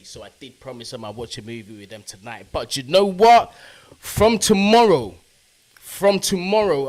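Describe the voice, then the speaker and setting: A young man hosting a live football fan stream, casually giving shout-outs to viewers in the chat with plenty of slang. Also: mid-range voice. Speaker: football fan channel host.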